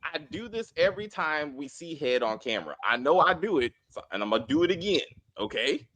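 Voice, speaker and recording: Animated bright-voiced man riffing. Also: a little high, brisk, a little hiss or hum. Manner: animated, profane, acts out scenes in quoted voices, keeps apologizing for tangents. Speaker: co-host of a TV review show. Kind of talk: casual chat.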